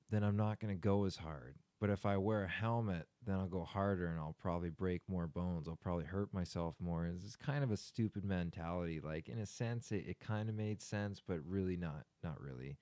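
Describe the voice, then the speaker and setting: A young man as a podcast guest in casual chat, speaking candidly and reflectively, sometimes halting. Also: low-pitched, darkish tone.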